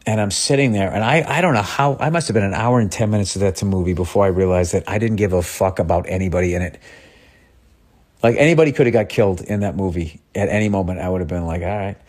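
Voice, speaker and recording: A man's voice: low voice, fast, darkish tone. A man talking on a podcast, ranting with exasperation and profanity, voice swinging up and down. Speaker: comedian. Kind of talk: podcast rant.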